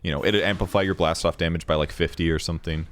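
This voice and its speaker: A man's voice: low voice, steady tone, quick pace, a little hiss or hum. A man giving casual, analytical color commentary on an esports match, explaining builds. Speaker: host and analyst caster.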